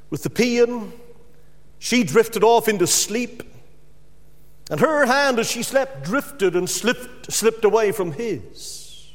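A man preaching a sermon, stressing key words slowly and then dropping his voice to a hush. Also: high voice, big-room sound. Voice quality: emphatic, with drawn-out stressed words and sudden drops to a hush.

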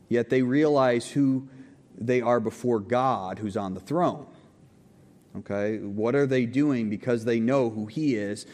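A man's voice: medium pitch, a little mellow. A man preaching a conversational teaching sermon in a church, asking the congregation questions and checking in with frequent okays. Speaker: pastor. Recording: long hall reverb.

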